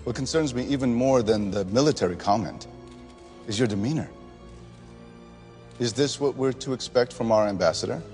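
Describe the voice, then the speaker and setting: An actor playing a stern male senator who grills a nominee at a hearing in a cold, measured, scolding way, over faint music. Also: mid-range voice, a little mellow, close to an everyday voice.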